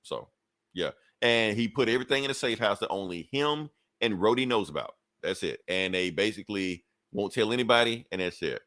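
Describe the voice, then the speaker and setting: A man's voice: fairly low pitch, animated, a little fast, a bit bright, dry recording. A man co-hosting a podcast, casually recapping a comic book in a loose, profane storytelling way with lots of filler asides. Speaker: podcast co-host reviewing comics.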